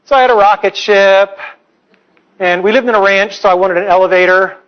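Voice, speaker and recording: A man's voice: high-pitched, steady tone, fairly quick. A man in his forties, a professor giving a humorous public lecture, telling stories in a wry, playful, earnest way. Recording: slightly dull lecture recording.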